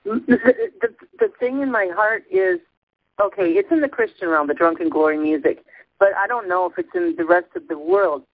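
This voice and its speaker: Ecstatic woman caller, high lively voice with a gravelly edge, shaking with emotion, dry phone-line audio. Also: normal speed. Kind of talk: spiritual call-in chat.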